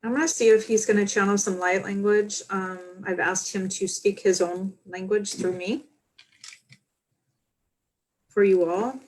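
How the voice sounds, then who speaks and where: A woman hosting a livestream as a spiritual medium, talking in a soft, heartfelt, halting way. She sounds tired. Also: mid-range voice, fairly even intonation, low-quality recording. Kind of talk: casual livestream talk.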